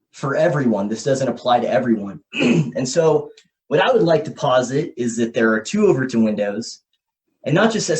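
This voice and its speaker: A man hosting a podcast, thinking out loud as he explains ideas at a whiteboard and often checks in with "okay?" and "right?". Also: mid-range voice. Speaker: podcast host. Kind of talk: casual explanatory podcast talk. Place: room with a whiteboard.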